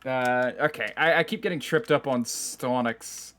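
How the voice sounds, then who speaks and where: Keyboard typing sounds behind a man who jokes at his own expense during a live game stream, chatty and laughing frequently. He speaks a little slowly in a mid-range voice with a fairly bright tone.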